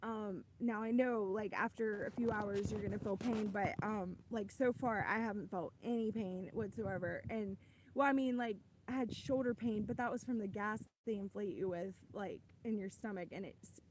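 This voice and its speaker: A woman's voice: medium pitch, moderate pace, noisy background. A woman telling her personal faith testimony in a casual, earnest way, rambling with many restarts. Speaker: ministry host giving a testimony.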